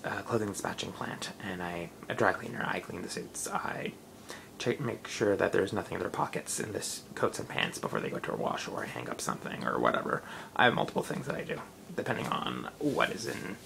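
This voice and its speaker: A man's voice: fairly low pitch, creaky, a bit bright, a little hiss or hum, rough recording. A young man, rambling loosely in a casual late-night vlog, full of fillers. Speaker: vlogger.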